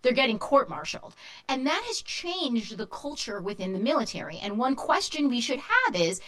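A woman lawyer speaking as a panel guest, measured and analytical as she argues a point. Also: fairly high pitch, sing-song, a bit bright, low-quality recording. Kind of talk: panel discussion.

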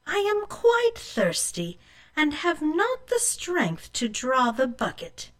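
A woman voicing a stern, mysterious old woman in a storybook, speaking in a measured, warning way. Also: high-pitched, wildly swooping pitch, voice pushed up, full character voice.

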